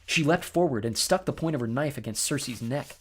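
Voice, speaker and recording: A man giving expressive first-person storybook narration. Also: medium pitch, a little fast, breathy edge.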